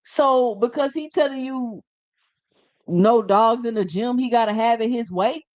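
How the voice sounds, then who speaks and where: Woman host, blunt, rhetorical questions, slightly high voice, dry sound. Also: unhurried, darkish tone, no room sound. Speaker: reaction show host. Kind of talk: casual live commentary.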